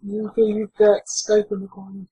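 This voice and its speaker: A woman's voice: medium pitch, monotone, moderate pace, warm tone, rough recording. A woman co-hosting a casual watch-along podcast, easygoing and asking questions. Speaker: podcast co-host.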